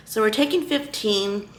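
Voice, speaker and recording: Slow, halting woman vlogging. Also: medium pitch, fairly bright tone. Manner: halting, with many fillers and restarts. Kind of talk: casual vlog talk to camera. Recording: echoey room with faint noise.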